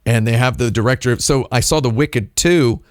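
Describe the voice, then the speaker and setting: A man of medium pitch talks a little fast on a casual livestream, his audio clean with no room sound. He wanders from point to point, cuts himself off to start sentences over, and adds wry asides.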